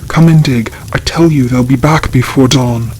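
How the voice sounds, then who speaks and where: A man voicing a crazed, menacing baron with a husky voice, giving urgent, insistent commands in a storybook reading. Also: medium pitch, normal speed, a little mellow, slight background noise, lightly acted. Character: crazed middle-aged male baron, frantic and menacing.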